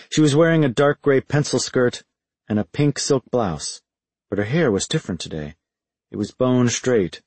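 A man reading a first-person audiobook in a measured, reflective way. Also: medium pitch, darkish tone, slightly rough, dry recording. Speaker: audiobook narrator.

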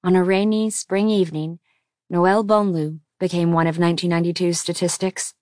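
A woman narrating an audiobook in a calm, even storytelling voice. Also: on the low side, a little fast, no room sound, clean studio sound.

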